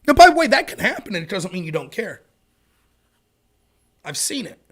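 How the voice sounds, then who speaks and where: A man's voice: high-pitched, very animated, normal speed, fairly bright tone. A man in his thirties hosting a casual commentary show, telling rambling stories with frequent swearing. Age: 30s. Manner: rambling, profane storyteller. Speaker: host.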